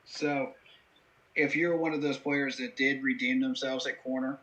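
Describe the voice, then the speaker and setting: A man's voice: mid-range voice, steady tone, measured pace, a bit bright, poor audio. A man hosting a live football reaction stream, talking through the game in an earnest, analytical way with many fillers. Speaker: host.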